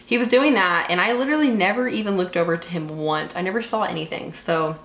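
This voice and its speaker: Southern woman in her twenties, makeup chat, gushy and filler-heavy, lowish voice, roomy echo. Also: fast, fairly bright tone. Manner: chatty, gushing, lots of "like" and "um". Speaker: beauty vlogger. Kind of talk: casual get-ready-with-me chat while doing makeup. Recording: echoey room.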